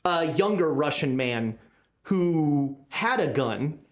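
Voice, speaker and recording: Lively-voiced horror game master. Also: mid-range voice, slow pace. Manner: hesitant, jokey narration. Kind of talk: running a tabletop horror game.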